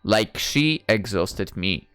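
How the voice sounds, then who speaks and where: A woman's voice: rumbling low, expressive, takes it slowly, a bit bright, smooth, no room sound, faint music behind. A woman reading a story game aloud, narrating and throwing in sarcastic, swearing asides. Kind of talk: game playthrough narration and commentary.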